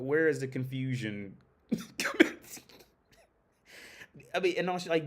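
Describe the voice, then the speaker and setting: A man hosting a livestream, talking bluntly and profanely in a rambling, casual way, often restarting sentences. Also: mid-range voice. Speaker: livestream host.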